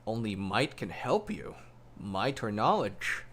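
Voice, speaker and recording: A man's voice: lowish voice, very animated, slow, a bit bright, full character voice. A man playing a haughty archmage. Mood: dismissive. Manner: curt and dismissive. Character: haughty, disdainful tall male archmage.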